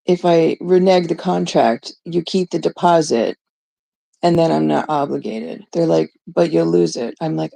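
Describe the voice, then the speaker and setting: A middle-aged Canadian woman hosts a livestream, telling her chat a story bluntly, swearing freely and tossing in quick asides quoting others. Her voice is low and mellow with vocal fry, and the recording is dry.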